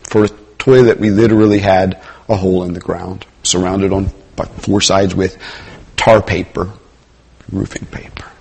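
A middle-aged man preaching a sermon in a conversational way, rising to loud emphasis and dropping to quiet asides. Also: deep voice, level tone, moderate pace, gravelly, husky.

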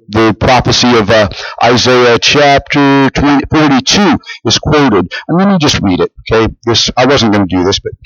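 A male pastor preaching in an earnest, explanatory way, pausing often and restarting phrases. His voice sounds a little dull and muffled, with a dry, close sound and no room echo. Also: medium pitch, a bit bright. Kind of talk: sermon.

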